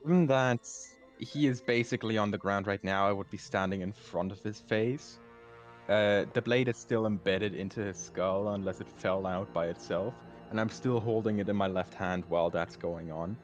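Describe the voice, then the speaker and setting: A man playing in a tabletop role-playing game, calmly explaining his character's choices and position. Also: lowish voice, normal speed, highs cut off, faint music behind. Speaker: player. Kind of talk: casual tabletop play.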